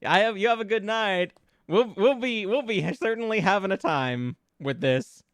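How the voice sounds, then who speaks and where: A man's voice: high-pitched, lively intonation, normal speed, fairly bright tone, smooth, dry recording. A man streaming as a VTuber, chatting casually with his viewers, giggling often and stammering through restarts as he brainstorms song lyrics. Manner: giggly, playful, riffs with chat on lyrics. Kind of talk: casual live-stream chat.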